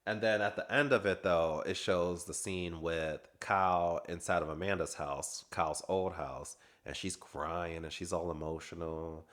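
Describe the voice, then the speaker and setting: A man's voice: sits low, fairly even intonation, measured pace, few pauses, fairly bright tone. A man chatting casually and gossiping through a reality TV recap, laughing often. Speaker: recap vlogger.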